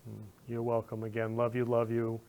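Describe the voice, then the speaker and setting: A man's voice: medium pitch, monotone, a little fast, narrow, tinny audio, slight background noise. Gushing male talk show host. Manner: gushing, repeats affectionate phrases. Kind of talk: effusive interview hosting.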